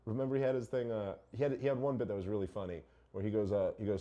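A man's voice: on the low side, level tone, rapid-fire, few pauses, warm tone. A middle-aged man hosting a podcast, arguing his point in casual, profane chat full of rhetorical questions. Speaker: podcast host.

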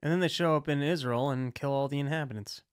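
A man co-hosting a casual chat with a slightly raised voice and rapid delivery. He cuts in with wry asides, recorded close and dry. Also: a little high, clean tone, dry recording. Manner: quick, wry interjections.

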